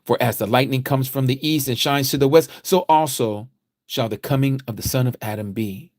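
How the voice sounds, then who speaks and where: A man teaching a livestreamed scripture lecture, preaching emphatically and repeating phrases, his voice swinging from quiet to loud. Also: mid-range voice, normal speed, dry recording, studio quality. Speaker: Bible study teacher.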